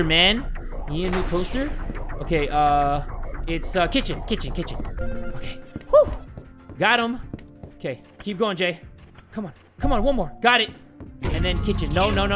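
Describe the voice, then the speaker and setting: A man commentating a video game he is playing, excitable, swearing often and breaking into shouts. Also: sits high, normal speed. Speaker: gaming YouTuber. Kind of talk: let's-play commentary. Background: game music.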